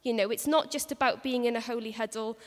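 A woman's voice: fairly high pitch, fairly even intonation, quick pace. A woman giving an earnest, story-driven sermon to a women's gathering in a church hall, often restarting her phrases. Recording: long hall reverb.

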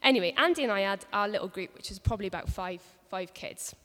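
A woman's voice: mid-range voice, fast talker, fairly bright tone. A woman giving an earnest, story-driven sermon to a women's gathering in a church hall, often restarting her phrases. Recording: long hall reverb.

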